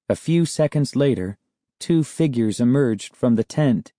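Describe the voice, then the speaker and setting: Slow, mellow male audiobook narrator. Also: medium pitch, lively intonation, no room sound, studio quality. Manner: measured storytelling. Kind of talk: scripted narration.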